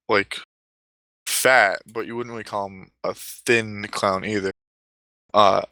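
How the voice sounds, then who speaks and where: A man's voice: lowish voice, bright, forceful tone, no room sound. A man telling a comic story casually, rambling and swearing often, with frequent restarts. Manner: profane, rambling, self-correcting.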